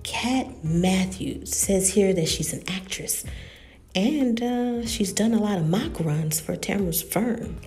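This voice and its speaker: A woman casually recapping a TV episode, retelling the story in an animated way. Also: medium pitch, slow pace. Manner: animated retelling with quoted dialogue. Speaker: TV recap host.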